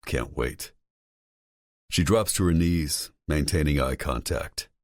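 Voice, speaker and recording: A man narrating a romance audiobook in the first person, in a relaxed, intimate, expressive way. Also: a bass voice, takes it slowly, dry recording, studio quality.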